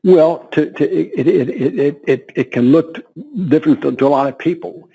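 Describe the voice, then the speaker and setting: A man in his seventies, an interview guest telling lively anecdotes with frequent laughs and repeated words. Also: a little high, normal speed, vocal fry, husky, poor audio. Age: 70s. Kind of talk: conversational storytelling.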